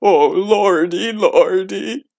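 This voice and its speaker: A man's voice: sits high, extremely slow, darkish tone, voice pushed up, exaggerated voice. A man moaning as a terrified gravedigger. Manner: whimpering, frightened moaning. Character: terrified older male gravedigger.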